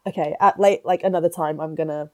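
A woman's voice: low voice, steady tone, fast talker, mellow, no echo. A woman guest on a podcast, chatting about films in an enthusiastic, sweary way. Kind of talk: casual podcast chat.

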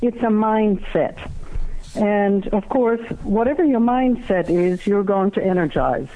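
A guest author answering interview questions in a halting way, with many pauses and restarts, heard over a phone line. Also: medium pitch, mellow.

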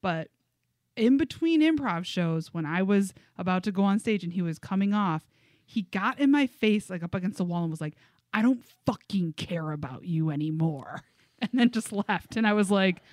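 Woman podcast co-host, casual chat, animated storytelling, dry close sound. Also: medium pitch, moderate pace, no echo. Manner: animated storytelling with many fillers and laughs.

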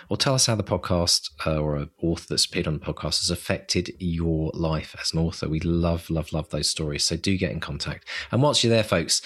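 A man's voice: sits low, fairly bright tone, slightly rough. A man co-hosting a podcast, chatting casually and upbeat through announcements and sign-offs. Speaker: podcast co-host.

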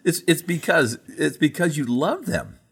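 A man's voice: fairly high pitch, sing-song, measured pace, gravelly, husky. A man co-hosting a religious talk show, who preaches revival meetings and speaks in an earnest, emphatic way, often repeating himself. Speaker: co-host, preacher. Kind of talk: casual religious discussion.

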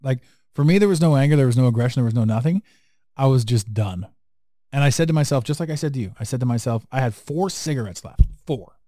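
A man's voice: medium pitch, animated, quick pace, mellow, no echo, studio quality. Blunt, swearing male podcast host. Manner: blunt, profane, emphatic and preachy. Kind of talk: casual podcast conversation.

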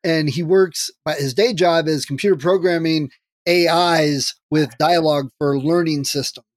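A man hosting a podcast interview, agreeable and quick with short replies. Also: on the high side, no room sound. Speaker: podcast host. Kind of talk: casual interview chat.

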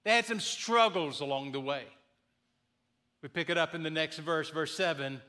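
A man in his sixties preaching a sermon, earnest and deliberate, sometimes restarting his sentences. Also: fairly high pitch, pushed and bright. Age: 60s. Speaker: pastor.

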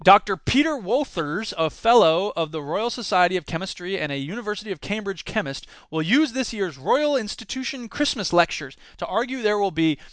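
A man's voice: high-pitched, animated, fairly quick, hardly any pauses, fairly bright tone, no echo. A man hosting a podcast, reading news items aloud and mocking them with sarcastic, jokey asides. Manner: sarcastic, jokey, switches into silly voices. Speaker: podcast host. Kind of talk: casual solo commentary reading news.

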